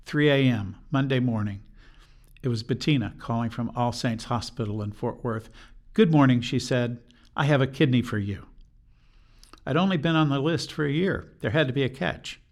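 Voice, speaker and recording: An older man giving a measured, earnest personal testimony as a podcast guest, slowing down for quoted lines. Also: medium pitch.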